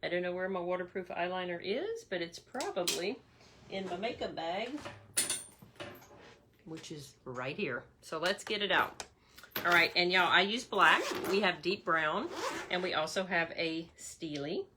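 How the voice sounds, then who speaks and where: A woman's voice: on the low side, animated, unhurried, background noise. A woman giving a chatty makeup tutorial, talking straight to her viewers. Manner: chatty, addresses viewers as y'all. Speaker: makeup demonstrator.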